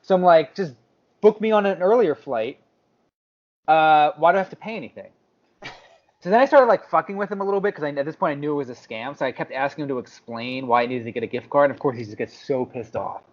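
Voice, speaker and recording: Guy with a bit higher voice telling a story on a podcast, animated, kinda dull lo-fi sound. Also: fast talker. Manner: animated storyteller, acts out quotes. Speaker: podcast co-host. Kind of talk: casual chat. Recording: slightly dull lo-fi audio.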